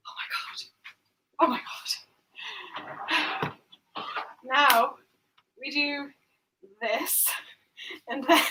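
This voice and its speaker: A female streamer chats casually as she bakes in her home kitchen, giggling, exclaiming and swearing at the cake. Her high-pitched voice is bright and forceful, and the poor audio, with slight background noise, comes from a built-in device mic instead of her headset mic or any proper microphone.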